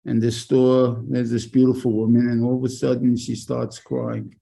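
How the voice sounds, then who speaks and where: Older rabbi with a gravelly, husky voice. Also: male voice, mid-range voice, completely flat delivery, normal speed, mellow, low-quality recording. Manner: conversational, asks the listeners rhetorical questions. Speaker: rabbi teaching a weekly Torah class. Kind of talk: informal Torah lecture.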